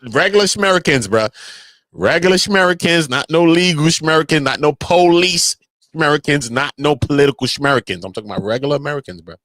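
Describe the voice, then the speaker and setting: A man giving casual online commentary, animated and slangy, often breaking into mocking impressions. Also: medium pitch, no echo.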